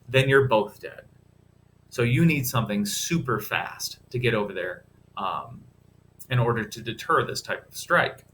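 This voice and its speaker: A male teacher delivering a recorded history lecture. His voice is bright and forceful, at an ordinary pitch, and his delivery is casual and chatty, dotted with asides. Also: a little hiss or hum.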